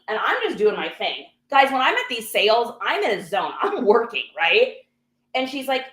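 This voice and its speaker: A woman's voice: fairly high pitch, brisk, echoey room. A woman reseller chatting casually to her viewers, telling a story and acting out other people's lines. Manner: animated, acts out other people's lines in quotes. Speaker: reseller sharing a garage sale haul.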